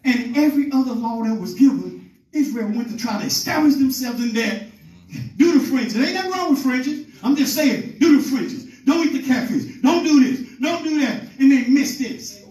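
A man's voice: very high-pitched, expressive, normal speed, darkish tone. A man preaching to his congregation, retelling scripture in plain, informal talk and calling on his listeners to follow along. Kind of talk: teaching sermon. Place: meeting room with a congregation. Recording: echoey room, voice from far off.

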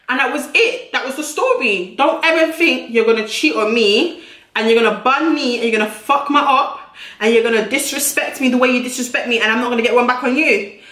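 A woman's voice: a little high, bright, forceful tone. A young woman, telling a storytime vlog in a blunt, brash way and swearing freely. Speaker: YouTuber. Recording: echoey room.

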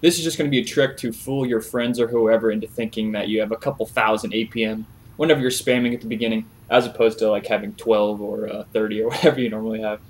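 A man's voice: fairly low pitch, quick pace, hardly any pauses. Casual young man explaining a game trick. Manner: relaxed, many "uh" fillers, chuckles. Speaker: gaming video creator. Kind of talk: casual game tutorial over a replay.

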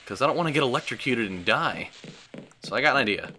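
A young man hosting a let's play, giving sarcastic, excitable gameplay commentary with frequent swearing. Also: medium pitch, fast talker, heavy background noise.

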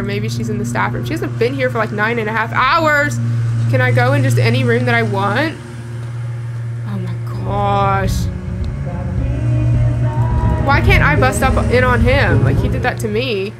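A woman playing a horror game and giving casual commentary, sarcastic and joking as she goes. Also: on the high side. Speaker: gameplay commentator.

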